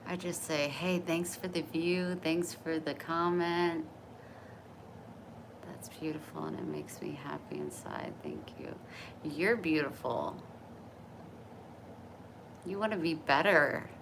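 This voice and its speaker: Deep-voiced woman, casual late-night phone livestream, chatty and supportive, noisy audio. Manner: chatty, encouraging, laughs easily. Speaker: livestreamer reading viewer comments.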